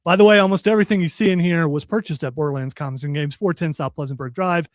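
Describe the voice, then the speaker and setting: A man's voice: on the high side, fast, no room sound. A man hosting a radio talk show in a studio, joking and upbeat with his co-hosts. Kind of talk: casual radio banter. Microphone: studio microphone.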